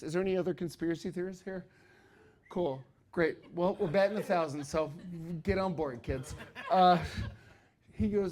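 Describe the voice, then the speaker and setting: A stand-up comedian telling a story on stage, acting out the people in it. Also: male voice, on the high side, normal speed, a little hiss or hum. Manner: animated, acts out the people in his story. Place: comedy club stage with a laughing audience.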